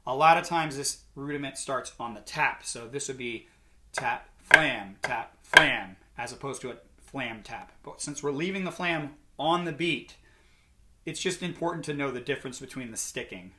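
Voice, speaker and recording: A man's voice: mid-range voice, fairly quick, heavy background noise. A man giving a drum lesson, explaining rudiments and calling out counts while he plays. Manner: calls out counts and rudiment names loudly over drumming. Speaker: drum instructor. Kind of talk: instructional lesson, counting along while playing. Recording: loud drumming behind the voice.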